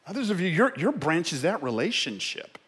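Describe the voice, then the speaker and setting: A male pastor delivering an impassioned sermon in a church, swinging from quiet reflection to loud, shouted exhortation. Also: fairly high pitch, very animated, brisk, slightly rough. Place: church sanctuary in San Francisco. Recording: long hall reverb in a church.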